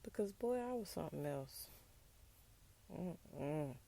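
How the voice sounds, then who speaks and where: A woman's voice: low voice, animated, slow pace, vocal fry, warm tone, a little hiss or hum. A young adult woman talking candidly and with some sass in a casual personal monologue, sometimes dropping to a whisper for asides. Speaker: podcast host.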